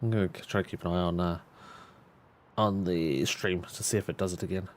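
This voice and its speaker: A man's voice: low-pitched, a little fast. Laughing, foul-mouthed male streamer. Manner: laughs a lot, swears freely, animated storyteller. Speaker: live streamer. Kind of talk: casual storytelling on a live stream.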